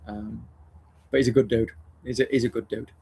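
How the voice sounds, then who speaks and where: A man with a gravelly, husky voice talks shop as a dog trainer in a laid-back live session. His speech is blunt and sweary, full of restarts and repeated phrases, at a middling pitch. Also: steady tone, a little fast, dark tone. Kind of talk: casual live discussion.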